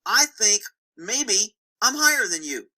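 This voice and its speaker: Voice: mid-range voice, big pitch swings, unhurried, bright, forceful tone, heavily acted, low-quality recording. A horse trainer voicing a stubborn male horse that talks back in blunt, taunting slang. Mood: defiant.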